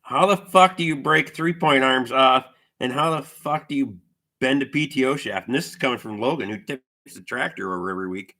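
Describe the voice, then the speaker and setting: Profane, bright-voiced man telling stories. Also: mid-range voice, fairly quick. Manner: profane, rambling anecdotes, reads viewer comments aloud. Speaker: livestream host. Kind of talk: casual storytelling chat with viewers.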